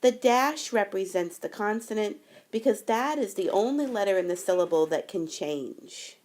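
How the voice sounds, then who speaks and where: A woman teaching a phonics tutorial, explaining step by step in a careful, deliberate way. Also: mid-range voice, animated, a little mellow.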